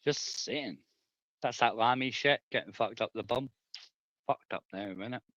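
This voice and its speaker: A man's voice: medium pitch, a little slow, a bit bright, no room sound, lo-fi sound. A man ranting on a livestream, rambling and conspiratorial, with crude language.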